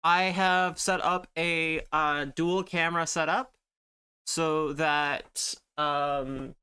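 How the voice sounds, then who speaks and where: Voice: medium pitch, fairly even intonation, slow pace, pushed and bright, clear, resonant tone. A streamer chatting casually to viewers while drawing, greeting them by name, with rambling asides.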